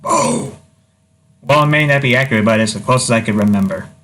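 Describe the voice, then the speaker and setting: A man's voice: medium pitch, a little fast, a bit bright. A man co-hosting a podcast over an online voice call, adding dry, wry remarks to a casual episode recap. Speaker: podcast co-host.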